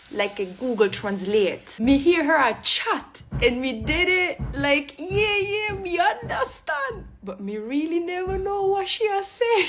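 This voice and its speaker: A woman vlog host speaking learner's Jamaican Patois slowly and deliberately, concentrating on the accent. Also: sits high, a bit bright. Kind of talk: casual vlog talk, attempting Jamaican Patois.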